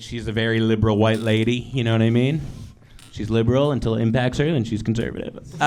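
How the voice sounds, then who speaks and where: A man performing stand-up comedy in a casual, animated way, laughing between his lines. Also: mid-range voice, a little hiss or hum.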